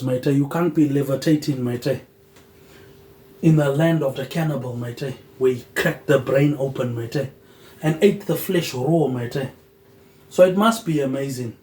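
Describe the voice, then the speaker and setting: A man hosting a solo podcast, rambling loosely with "um" pauses and dropping a low, quiet "mate" at the end of his phrases. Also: roomy sound, a little hiss or hum, rough recording. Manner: drifting, loosely connected talk with "um" pauses. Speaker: podcast host.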